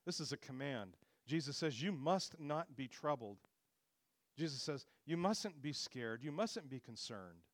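A man's voice: fairly high pitch, animated, measured pace, dry recording, clean studio sound. A man preaching a sermon with earnest, expository delivery, lifting his voice when he quotes scripture.

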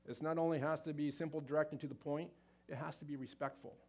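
A man's voice: fairly high pitch, steady tone, fast talker, darkish tone. Folksy man giving a seminar talk. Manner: folksy, conversational, with frequent fillers. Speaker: marriage seminar speaker. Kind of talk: live talk to an audience.

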